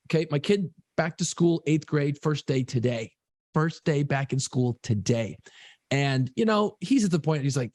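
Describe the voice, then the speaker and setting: A man's voice: medium pitch, darkish tone, no room sound, studio quality. A middle-aged man co-hosting a casual podcast, telling loose, profane stories. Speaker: podcast co-host.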